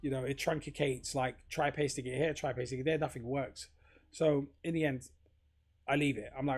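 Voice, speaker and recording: A man's voice: medium pitch, steady tone, moderate pace, husky. A man talking casually to camera in a rambling, filler-heavy monologue, swearing freely. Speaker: crypto vlogger.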